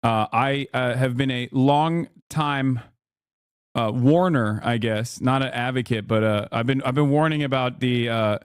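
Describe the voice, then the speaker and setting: A male streamer talking in a loose, rambling way, full of ums and restarts. His voice is smooth and resonant, and the sound is close and dry, with no room around it. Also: medium pitch, dry recording. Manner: rambling, halting with fillers. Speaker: streamer host. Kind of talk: casual livestream commentary.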